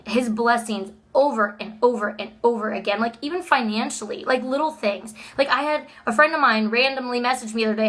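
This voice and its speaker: A woman in her thirties giving an earnest, upbeat motivational vlog talk, peppered with "like" and quick laughs. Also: on the high side, fairly bright tone. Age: 30s. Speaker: vlogger.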